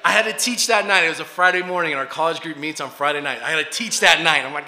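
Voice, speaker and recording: A young adult man preaches in an echoey room. His voice is bright, sharp and a little high, and his delivery is earnest. He talks to the crowd like a storyteller. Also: fast, hardly any pauses. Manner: animated storytelling, laughing and loud as he acts out the scene; low, earnest appeal when preaching. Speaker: pastor. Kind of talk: sermon with a personal story.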